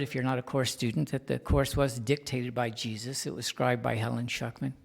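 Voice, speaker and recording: Gravelly man preaching in a reverberant hall. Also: mid-range voice. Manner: dramatic swings from hushed whispers to loud emphatic lines; talks directly to the congregation with questions. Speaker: guest minister. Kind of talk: sermon. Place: spiritual center sanctuary.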